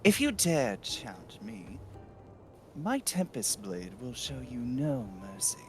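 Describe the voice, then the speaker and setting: A man voicing a proud, arrogant male fighter in a haughty, measured way while reading game dialogue aloud. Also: medium pitch, huge pitch swings, soft background music.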